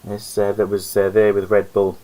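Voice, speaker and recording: A man's voice: on the low side, monotone, moderate pace, dark tone, rough recording. A man hosting a live-stream alone, chatting casually in a rambling, self-mocking way. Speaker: host. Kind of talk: solo live-stream commentary chat.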